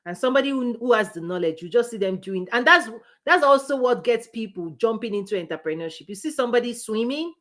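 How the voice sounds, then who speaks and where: A woman with a fairly high-pitched voice coaches her live-stream audience. She drives each point home with repetition and a preacher's cadence. She often breaks into a laugh between points. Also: animated, quick pace, hardly any pauses, fairly bright tone. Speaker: business coach. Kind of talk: motivational live-stream talk.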